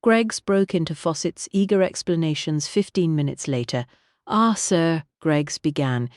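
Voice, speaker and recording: Woman narrating an audiobook, low voice, measured and a bit wry. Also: expressive, darkish tone, no room sound, clean studio sound. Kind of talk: audiobook narration of a mystery novel.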